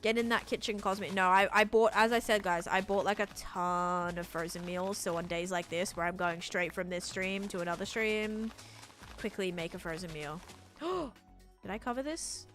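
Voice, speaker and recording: A woman's voice: lowish voice, fairly even intonation, normal speed, a bit bright, soft background music. An Australian woman chatting on a live game stream, thinking aloud as she builds and answers her chat.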